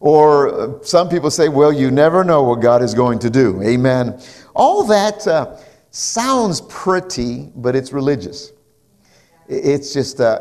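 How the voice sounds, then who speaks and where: A man's voice: medium pitch, darkish tone. Man preaching, peppering amens. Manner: preaching with frequent amens and hallelujahs, reading scripture aloud. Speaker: pastor. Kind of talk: sermon.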